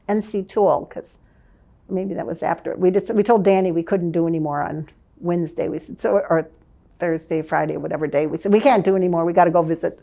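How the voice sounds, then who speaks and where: An older woman, a former advertising manager, reminiscing in a lively storytelling way and laughing often. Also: fairly low pitch, highs cut off. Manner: lively, laughs often, vivid scene-setting.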